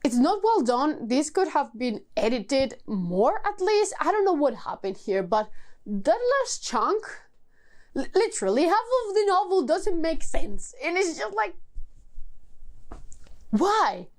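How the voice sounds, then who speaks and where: A high-pitched young woman chats through a casual book review vlog. She sounds exasperated and emphatic, sighing and swearing as she piles repeated words on top of each other. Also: very animated, a little slow, a little mellow. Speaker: book vlogger.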